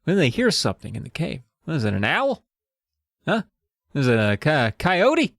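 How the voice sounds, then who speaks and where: A man's voice: on the high side, wildly swooping pitch, normal speed, vocal fry, a bit bright, no echo. Chatty man recapping, dry close sound. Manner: chatty, wry, eager. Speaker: podcast co-host. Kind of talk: casual book recap chat.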